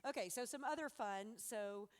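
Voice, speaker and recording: A middle-aged woman telling a family story to an audience, animated and laughing often, acting out what others said. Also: fairly high pitch, moderate pace.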